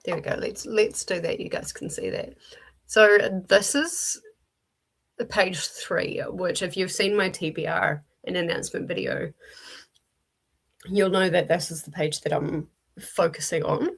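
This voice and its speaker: A woman's voice: fairly low pitch, fairly even intonation, a little slow, gravelly. A woman with a New Zealand accent hosting a casual livestream, chatty and talking straight to her viewers with frequent ums, in her early-morning voice. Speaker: livestream host leading reading sprints.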